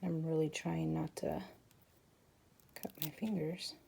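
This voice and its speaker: A woman's voice: deep voice, level tone, slow pace, gravelly, dark tone, husky. A woman hosting a craft tutorial, chatting casually with viewers as she works. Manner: chatty, talks to viewers while working. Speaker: crafting channel host.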